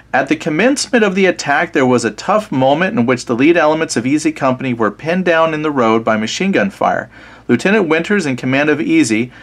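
Relaxed man thinking aloud over a wargame. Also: medium pitch. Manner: thinks aloud while reading out scenario text. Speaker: board wargame player and channel host. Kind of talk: casual solo board game playthrough.

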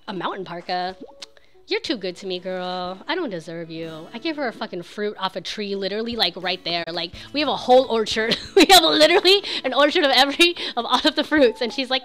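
A young woman chats sarcastically while she plays, with a bright, sharp edge to her voice. She swings from loud outbursts down to low muttered asides. Soft game music plays behind her. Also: expressive, fast. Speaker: streamer. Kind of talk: casual game stream chatter.

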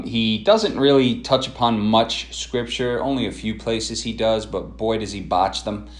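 A man's voice: fairly low pitch, echoey room. A man giving sarcastic, rambling critical commentary on a sermon. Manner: mocking, sarcastic, rambling with fillers. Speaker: video commentator.

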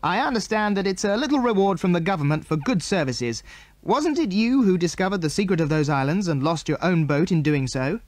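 A man's voice: sits high, lively intonation, fairly quick, darkish tone, no room sound, pitched above the performer's own voice. A man voicing a friendly boatman in an audiobook. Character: friendly boatman delivering news.

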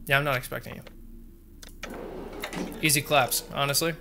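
A man's voice: mid-range voice, steady tone, normal speed, creaky, noisy background. A man doing joking horror game commentary, talking to viewers and muttering codes under his breath. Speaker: gaming video creator.

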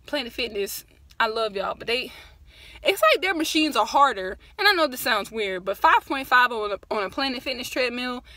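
Woman, fitness vlogger, tired post-workout chatter, higher bright voice. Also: expressive, normal speed, no room sound. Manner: chatty, rambling, encouraging, says "y'all". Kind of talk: casual chat to camera. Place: parked truck.

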